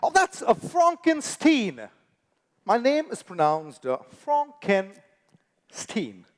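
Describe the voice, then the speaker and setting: A man acting and singing as a theatrical, excitable young professor in a stage musical, recorded in a reverberant hall with music. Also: sits high, moderate pace. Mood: flustered. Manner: theatrical, exaggerated stage delivery. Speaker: stage actor.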